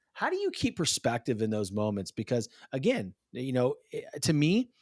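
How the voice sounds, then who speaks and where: A man in his thirties hosts a podcast with an animated, chatty delivery, his voice at a middle pitch. The sound is dry and close, with no room around it. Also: dry recording. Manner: animated, chatty, calls guest "dude". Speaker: podcast host. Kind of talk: casual conversation.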